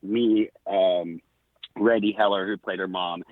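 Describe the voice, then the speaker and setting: A middle-aged man, a podcast guest, telling lively backstage stories with quoted dialogue. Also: low voice, a little slow, no echo. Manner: animated anecdotes with quoted dialogue. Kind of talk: casual storytelling. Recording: tinny phone-like line.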